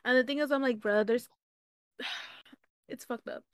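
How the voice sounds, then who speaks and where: A young woman co-hosting a podcast, telling stories in casual chat, animated and swearing freely. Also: high voice, measured pace, smooth, no echo, studio quality. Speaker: podcast co-host.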